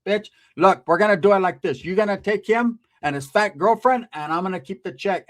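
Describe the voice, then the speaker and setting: A man's voice: high voice, a bit bright. A man voicing a fierce, foul-mouthed middle-aged aunt who bosses everyone around. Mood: bossy. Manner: brash, bossy, profane.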